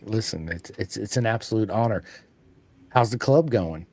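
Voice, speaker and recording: A man hosting a podcast in casual chat, an energetic storyteller who acts out quoted lines. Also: lowish voice, moderate pace. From United States. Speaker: podcast host.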